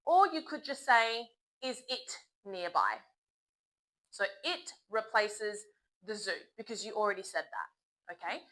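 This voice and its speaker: Bright, upbeat woman teaching English. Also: mid-range voice, lively intonation, rough recording. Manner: upbeat, encouraging, models phrases slowly. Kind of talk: beginner language lesson.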